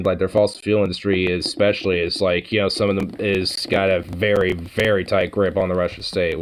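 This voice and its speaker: A man's voice: deep voice, slight background noise, low-quality recording. A man in a casual, rambling monologue, swearing a lot and full of fillers.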